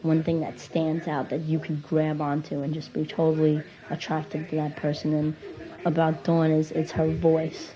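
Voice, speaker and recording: A woman's voice: deep voice, completely flat delivery, normal speed, mellow, muffled recording. A seventeen-year-old girl talking casually about her life, with lots of fillers and restarts. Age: teens. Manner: casual, rambling with many fillers. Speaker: teen diarist. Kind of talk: personal audio diary.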